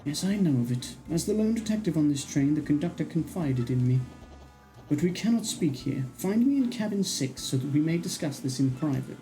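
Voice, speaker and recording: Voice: mid-range voice, animated, brisk, warm tone, faint music behind, close to an everyday voice. A streamer playing a pompous train detective. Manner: formal and pompous. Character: self-important train detective, male. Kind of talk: voicing game dialogue on a livestream.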